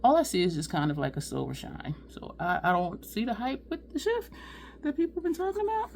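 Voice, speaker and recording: A woman's voice: on the low side, big pitch swings, a little fast, vocal fry, a little mellow, slight background noise. A woman chatting casually through a makeup tutorial at home, sweating and talking to her viewers as "y'all". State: sweating, overheated. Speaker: beauty vlogger.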